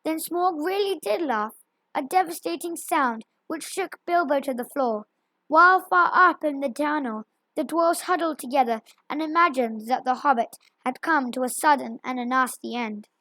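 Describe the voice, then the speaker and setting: Female storybook narrator, high-pitched, dry close-miked read. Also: moderate pace, pushed and bright, no room sound. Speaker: audiobook reader.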